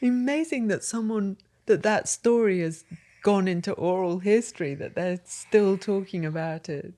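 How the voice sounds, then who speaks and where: Unhurried interviewer, short encouraging replies. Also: medium pitch, mellow. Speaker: interviewer host. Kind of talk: casual interview.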